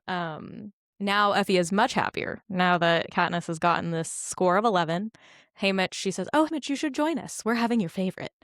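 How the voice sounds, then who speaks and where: Woman cohost gushing about a movie, laughs a lot, slightly low voice, dry close mic. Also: clear, resonant tone, dry recording. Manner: animated, laughs often, acts out quotes. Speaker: podcast co-host. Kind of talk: casual film discussion.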